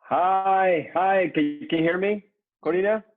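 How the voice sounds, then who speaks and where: A man's voice: high-pitched, measured pace. A man on a live video call, politely sorting out a technical problem before his talk. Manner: polite, sorting out tech trouble. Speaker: event speaker. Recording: tinny phone-like line.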